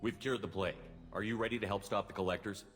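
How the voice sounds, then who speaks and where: An actor playing a calm male military commander in a video game, speaking firmly. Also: fairly low pitch, soft background music, close to an everyday voice. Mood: steady. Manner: firm, measured promises.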